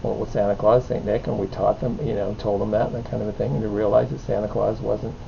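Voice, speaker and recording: A man's voice: on the low side, flat delivery, quick pace, vocal fry, mellow. A middle-aged man, a father, talking in a rambling podcast conversation and often restarting his sentences. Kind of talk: casual conversation. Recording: dull lo-fi with faint noise.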